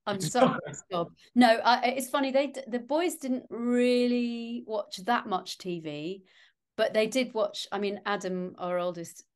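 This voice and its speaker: Middle-aged woman, actress guest; chatty, self-mocking, lively anecdotes. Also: a little high, a little slow. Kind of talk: anecdotal interview chat.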